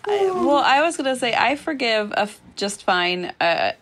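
A woman's voice: sits high, big pitch swings, moderate pace, a bit bright. A woman co-hosting a podcast, making her point in an emphatic, ranting way. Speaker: podcast co-host. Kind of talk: casual chat.

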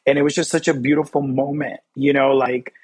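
A young adult man from Fort Lauderdale, telling personal stories as an interview guest in quick, animated bursts. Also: mid-range voice, husky. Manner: animated, quick bursts, acts out quoted voices. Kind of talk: candid personal storytelling.

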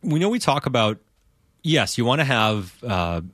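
A man's voice: medium pitch, sing-song, normal speed, fairly bright tone, dry recording, studio quality. A man hosting a sports talk podcast, laying out his analysis with rhetorical questions. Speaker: podcast host.

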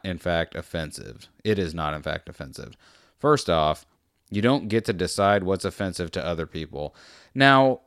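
A man hosting a commentary video, reading tweets aloud and mocking them in a sarcastic, rambling way that swings between loud outbursts and muttering. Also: sits low, smooth, dry recording, clean studio sound.

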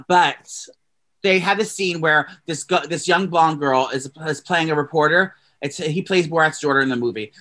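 A man's voice: a little high, fairly bright tone. A young man co-hosting a podcast, chatting casually and gossiping in a rambling way full of fillers and restarts. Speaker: podcast co-host.

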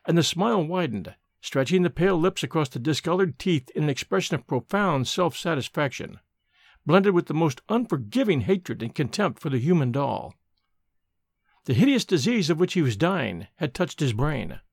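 A man's voice: fairly high pitch, sing-song, normal speed, vocal fry, no room sound, studio quality. A man narrating a gothic ghost story aloud, reading expressively and dramatically.

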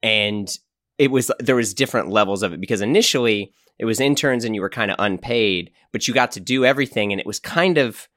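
A man's voice: fairly low pitch, a little fast, fairly bright tone, no room sound, studio quality. A man in casual conversation, reflecting on past work in a loose, rambling way with many fillers. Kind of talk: casual chat.

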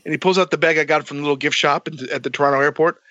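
A man telling a long story in a casual, animated way, swearing a lot and acting out both sides of the dialogue. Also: fairly high pitch, rapid-fire, no echo, dull audio.

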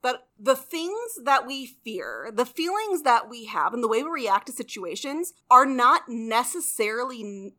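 Bright-voiced woman explaining casually. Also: on the high side, very animated, unhurried, hardly any pauses. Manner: conversational, swears casually, laughs often. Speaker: podcast co-host.

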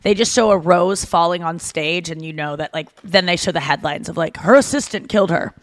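A woman co-hosting a podcast in casual, giggly chat, swearing freely and telling animated stories. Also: fairly low pitch, fairly quick. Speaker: podcast co-host.

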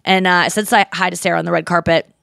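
A woman hosting a podcast, chatting casually and telling lively stories, mimicking other people's voices in quotes. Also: fairly low pitch, racing, creaky, clean tone, dry recording, clean studio sound. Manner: animated storyteller who mimics voices in quotes. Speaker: podcast host. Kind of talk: casual chat.

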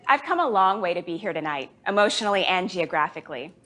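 A woman born in Jamaica hosting a comedy show, delivering a deadpan stand-up monologue. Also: lowish voice, quick pace. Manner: deadpan, dry delivery with put-on voices for family.

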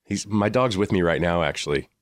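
A man in his forties, a guest chef talking in a relaxed, rambling way in a casual interview. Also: deep voice, brisk, dry recording, clean studio sound.

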